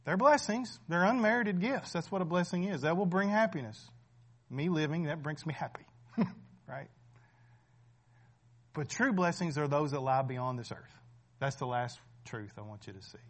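A male pastor delivers a sermon in a fairly high voice. He preaches emphatically and conversationally, pausing often to check that his listeners follow. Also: fairly bright tone. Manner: emphatic, keeps asking "right?", laughs between points.

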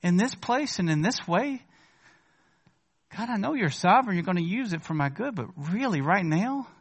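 A male pastor delivers a sermon in a church sanctuary, with a voice a little higher than most men's. He speaks to the congregation like a conversation, rises to emphatic, questioning bursts, then drops to quiet asides. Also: expressive, moderate pace, breathy edge.

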